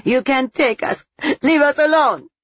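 A woman voicing a young boy in a storybook reading, first frightened and then proud, who shouts excitedly. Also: high-pitched, moderate pace, no room sound, muffled recording, voice pushed up.

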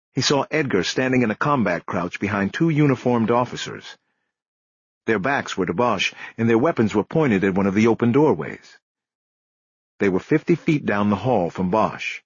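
A man reading a crime novel aloud in measured, expressive scripted narration. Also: fairly low pitch, slightly rough, no echo, muffled recording. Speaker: audiobook narrator.

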